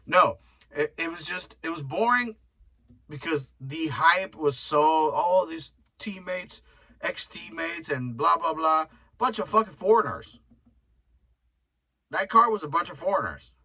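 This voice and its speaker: A man's voice: on the high side, lively intonation, measured pace, pushed and bright, breathy edge, low-quality recording. A young man hosting his own podcast, telling rambling stories in a loose, profane, joking way. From Mexican heritage. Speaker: podcast host. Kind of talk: casual solo podcast rant.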